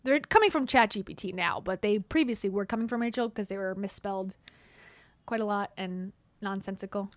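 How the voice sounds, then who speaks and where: A woman's voice: mid-range voice, moderate pace, dry recording. A woman hosting a casual commentary, talking wryly and sarcastically about video clips. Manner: sarcastic, wry asides. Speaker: commentary host.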